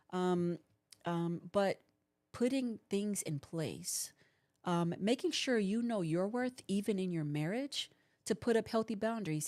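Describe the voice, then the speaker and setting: This is a woman in her forties, a counselor and host, speaking with a medium-pitched, somewhat dark voice. During a livestream she earnestly coaches people on relationships, voicing the words couples use.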